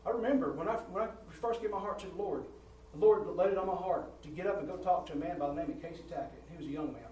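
A man preaching a sermon, rising in volume and pitch as he presses his points and often repeating words. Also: fast talker, dark tone, a little hiss or hum. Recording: roomy church sound from a distant mic.

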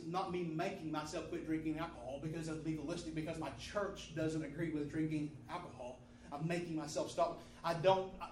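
In a church sanctuary, a man with a slightly high voice preaches a fervent sermon, repeating phrases call-and-response style. The roomy, distant-mic hall recording picks up slight background noise.

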